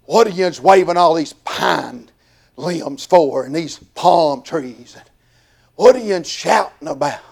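A man voicing a stern old-fashioned religious man who hushes and scolds a crowd, in a low, quiet, disapproving tone. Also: lively intonation, slow, gravelly, heavily acted. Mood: scolding.

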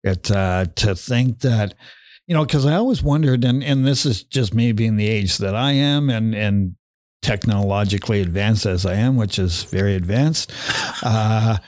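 A man's voice: on the low side, moderate pace, darkish tone, dry recording, clean studio sound. Chatty, swearing male host. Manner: swears freely, laughs often. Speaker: podcast host. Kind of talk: casual chat.

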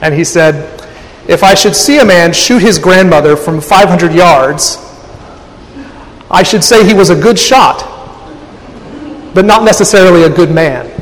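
A man's voice: sits high, unhurried, long pauses. A man preaching a sermon in a thoughtful way, often restarting and repeating words as he works through an idea. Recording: long hall reverb.

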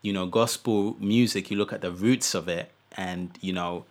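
A man co-hosting a podcast, talking eagerly in quick bursts with restarts. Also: sits low, fairly even intonation. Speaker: podcast co-host. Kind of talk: casual chat.

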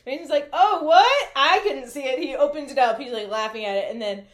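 A woman's voice: high-pitched, quick pace. A young adult woman co-hosting a podcast, telling stories in casual chat with lots of laughter and swearing. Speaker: podcast co-host.

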